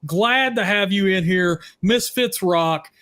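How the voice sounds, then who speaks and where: A man hosting a live horror chat stream, loud and teasing, with shouted bursts. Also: high-pitched, slow. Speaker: host.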